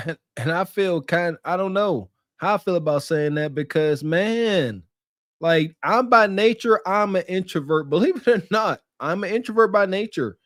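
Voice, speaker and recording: High-pitched laughing man reacting. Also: moderate pace, no room sound, studio quality. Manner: animated, laughing, playfully mocking. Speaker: podcast co-host. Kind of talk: casual reaction commentary.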